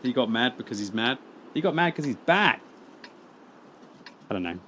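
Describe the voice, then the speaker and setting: A man, chatting and laughing through live gaming stream commentary, with excitable outbursts. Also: mid-range voice, moderate pace, a little hiss or hum. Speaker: game streamer.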